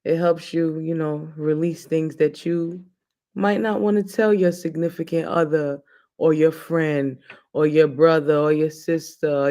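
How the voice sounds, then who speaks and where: A man's voice: on the high side, darkish tone. A man hosting a casual chat show, talking in a loose, joking, slangy way. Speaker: host.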